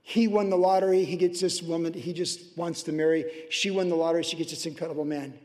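A man preaching a sermon as pastor, passionate and swinging between loud outbursts and hushed asides. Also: fairly high pitch, fairly even intonation, quick pace, long reverb tail. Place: church sanctuary.

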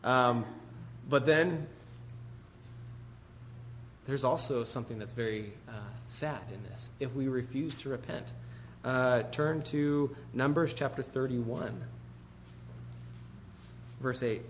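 A man preaching a conversational sermon in an animated, chatty way, full of asides to the congregation. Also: medium pitch, slow pace, pauses often, slight background noise.

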